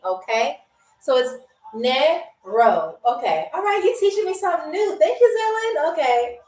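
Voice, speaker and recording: A playful woman from New York hosts a live-stream game show, her high voice chatting easily with viewers. She sits back from the mic in a roomy, echoey space. Soft music plays underneath. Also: far from the mic.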